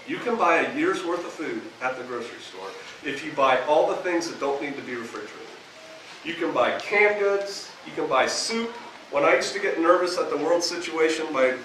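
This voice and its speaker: Folksy storytelling pastor in echoey hall. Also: male voice, fairly high pitch, a bit bright, slight background noise. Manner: folksy, chatty storyteller who laughs at his own stories. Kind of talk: storytelling seminar talk to a live audience. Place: hall with a live audience. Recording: echoey room recorded from a distance.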